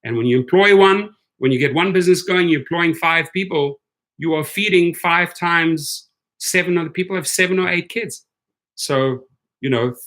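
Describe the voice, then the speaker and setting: A man hosting a casual livestream for gig drivers, chatty and excitable, reading viewer comments aloud. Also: mid-range voice.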